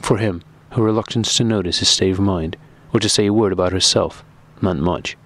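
A man narrating a classic novel as an audiobook in a steady, even reading. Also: sits low, a little fast.

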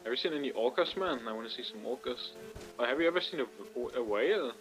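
A man's voice: medium pitch, lively intonation, quick pace, over music, rough recording. A man chatting casually with other players during a game, laid-back and swearing freely. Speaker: fellow player. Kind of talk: casual gaming chat.

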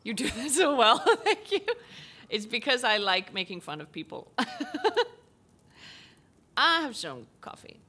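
A woman's voice: fairly high pitch, sing-song, moderate pace, pushed and bright. A young woman streaming a story game, chatting casually and rambling goofily between laughs. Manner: giggly, rambling and goofy, often laughing. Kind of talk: casual gameplay commentary.

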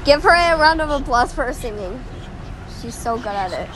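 A woman giving casual commentary while playing a game, excitable and melodramatic, swinging from mumbling to yelling. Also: high voice, moderate pace, poor audio. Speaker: gameplay commentator. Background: game music.

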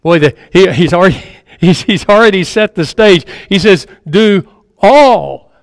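High-voiced preacher in a reverberant church. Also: male voice, lively intonation, unhurried, clean studio sound. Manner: conversational, repeats phrases for emphasis, drops to a near-murmur. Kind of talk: sermon. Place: church sanctuary.

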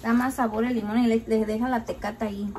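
A woman's voice: a little high, steady tone, racing, a little mellow. A young woman cooking at home, talking casually and playfully, swearing a lot and switching between Spanish and English. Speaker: home cook vlogger. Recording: noisy home kitchen recording.

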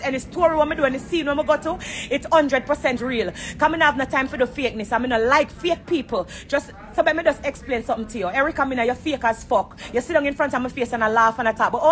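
A dancehall artist with a Jamaican accent rants into her phone on a live stream from an airport corner, heated and blunt. Her high, fairly bright voice carries a confrontational, profane edge.

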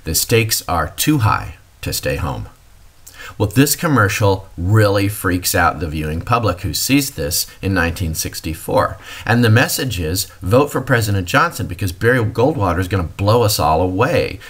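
A man's voice: fairly low pitch, expressive, moderate pace, hardly any pauses, fairly bright tone. A man giving a recorded history lecture, explaining to students and addressing them directly.

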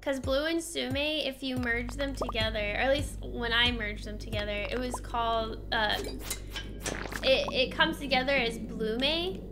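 Young woman streamer, high voice, unhurried rambling chat, music under her. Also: fairly even intonation. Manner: chatty, rambling, thinks aloud with many fillers. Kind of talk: casual chat while gaming. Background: game music.

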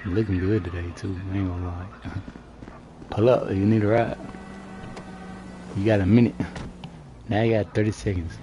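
A man's voice: lowish voice, steady tone, moderate pace, long pauses, noisy background. A man live-streaming a roleplay, trading flirty, joking banter and putting on a street accent now and then. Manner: slips into a put-on street accent.

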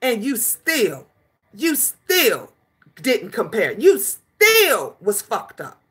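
High, bright-voiced woman livestreamer. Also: drawn-out words, slightly rough. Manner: animated and emphatic, repeating lines for effect; profane, scolding trolls. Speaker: livestream host. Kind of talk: casual livestream chat, answering viewers.

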